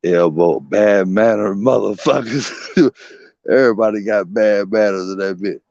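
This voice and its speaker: A man with a very deep voice tells a long story in loose, slangy talk full of cursing. He rambles and circles back as he goes. The audio is dry and dull, like a basic home stream setup. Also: measured pace, creaky, a little mellow, no echo. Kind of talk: casual storytelling.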